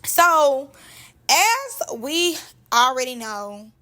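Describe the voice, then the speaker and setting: A young woman hosting her own vlog, recapping reality TV in an animated, slangy, chatty way. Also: high voice, extremely slow. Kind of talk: casual commentary vlog.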